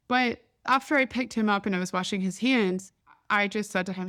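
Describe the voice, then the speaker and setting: A woman's voice: medium pitch, brisk. A woman in her thirties hosting a podcast, telling a candid, down-to-earth story in a casual, chatty way. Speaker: podcast host. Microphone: podcast microphone.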